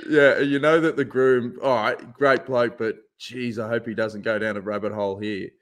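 A man's voice: medium pitch, fairly even intonation, moderate pace. A man hosting a podcast, chatting in a laid-back, jokey way. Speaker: podcast host. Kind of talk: casual chat.

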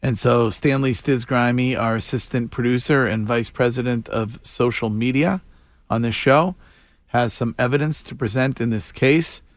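A man hosting a morning radio show, chatting casually with a wry, unhurried delivery into a studio microphone. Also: mid-range voice, dry recording.

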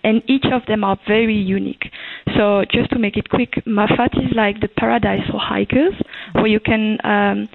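A woman's voice: medium pitch, steady tone, moderate pace, creaky, dry recording. A woman with a French accent, a tourism officer from Reunion Island, explaining eagerly as a guest in a phone interview. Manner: enthusiastic, explanatory, gently accented. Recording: tinny phone line.

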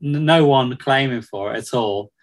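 Guy rambling about a match, lots of ums, laughs a lot, mid-pitched voice. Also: normal speed, low-quality recording. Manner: chatty, many ums and restarts, laughs often. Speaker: football reporter. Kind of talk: casual podcast chat.

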